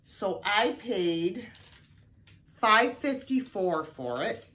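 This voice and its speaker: An older woman talks unhurriedly, drawing out her words as she shows her thrift finds to the camera. She is chatty and exclaims often, her voice sitting at an ordinary middle pitch. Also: sing-song, extremely slow, fairly bright tone. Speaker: thrift haul vlogger. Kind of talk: casual show-and-tell haul video.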